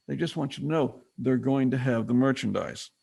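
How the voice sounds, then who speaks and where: Gravelly-voiced man presenting a business webinar. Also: mid-range voice, moderate pace, dark tone. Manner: conversational teaching, retells stories with acted quotes.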